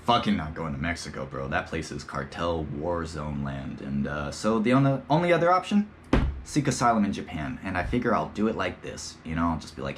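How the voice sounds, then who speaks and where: Lively low-voiced young man rambling casually. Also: moderate pace, slight background noise. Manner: rambling, slangy and profane, with playful impressions. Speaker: podcast host. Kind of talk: casual monologue.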